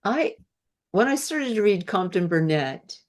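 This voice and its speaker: A woman's voice: medium pitch, big pitch swings, a little slow. A woman interviewing a guest, reacting with enthusiastic, affirming remarks and then telling her own stories. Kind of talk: conversational interview.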